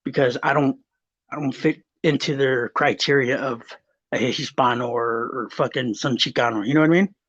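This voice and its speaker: A man from Texas rambles through personal stories in casual chat, swearing freely and restarting his sentences often. His voice is a little husky at a middling pitch, and the recording sounds slightly muffled. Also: steady tone, normal speed, fairly bright tone. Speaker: guest.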